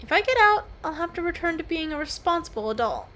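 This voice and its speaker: A woman's voice: extremely high pitch, sing-song, fast talker, fairly bright tone, a little hiss or hum, voice pushed up, full character voice. A woman doing a drowsy lazy frog in a pot. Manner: sleepy, laid-back, a little grumpy.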